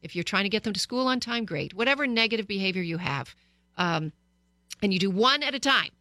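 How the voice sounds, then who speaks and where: A woman hosting a radio talk show, giving parenting advice to listeners in a lively, storytelling way, speaking into a studio microphone. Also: medium pitch, fairly quick, no echo.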